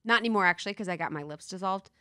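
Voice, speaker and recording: A young woman from Ohio hosts a podcast, chatting in an animated, casual way and swearing and laughing a lot. Her mid-range voice races along with a sharp tone, and there's no echo.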